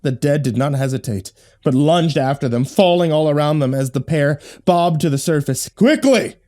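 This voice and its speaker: A man narrating a horror story in a low, hushed, dramatic way. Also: steady tone, normal speed.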